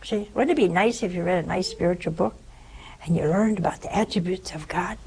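An older religious sister giving a sermon, telling a story with animated voices and sudden drops to a whisper. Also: female voice, fairly low pitch, fairly quick, a little hiss or hum, rough recording. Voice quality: gravelly, husky.

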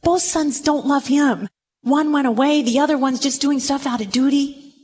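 A woman preaching a sermon to a room, retelling a story with animated, dramatic delivery. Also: high-pitched, normal speed, rough recording. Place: room with audience.

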